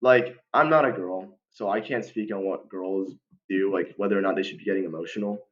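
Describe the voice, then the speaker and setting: A man's voice: low voice, a little fast. A young man talking casually to the camera as a vlogger, rambling with lots of fillers and restarts and calling the listener "bro". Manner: slangy, many fillers and restarts, keeps saying "bro". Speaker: vlogger giving life advice. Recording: dull lo-fi recording.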